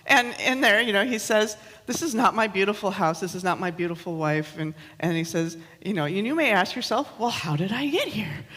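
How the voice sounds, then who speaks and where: A woman's voice: mid-range voice, a little fast, few pauses, fairly bright tone, long reverb tail. A woman in her thirties, a minister giving a chatty, self-mocking sermon with personal stories, laughing often. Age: 30s. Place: church hall.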